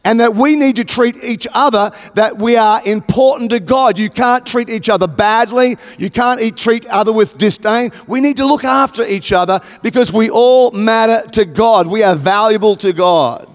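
A man with an Australian accent preaching a sermon, emphatic and building to loud exclamations. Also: high-pitched, normal speed, few pauses. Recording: long hall reverb.

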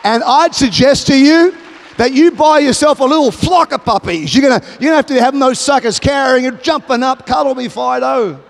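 A man with an Australian accent preaching a sermon, emphatic and building to loud exclamations. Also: very high-pitched, a little fast. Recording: long hall reverb.

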